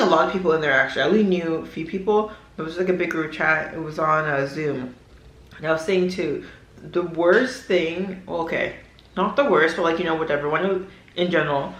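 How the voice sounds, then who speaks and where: Eating as she talks, a young woman rambles casually through a home vlog, leaning heavily on filler words. The room is echoey, and her voice is lowish and a bit bright.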